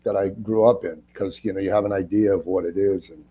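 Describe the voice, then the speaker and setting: A man in his sixties, from Ohio, chatting as an interview guest and telling lively stories in which he acts out other people's lines. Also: low-pitched, fairly quick, husky. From Ohio, United States. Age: 60s. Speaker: actor, guest. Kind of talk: casual interview storytelling.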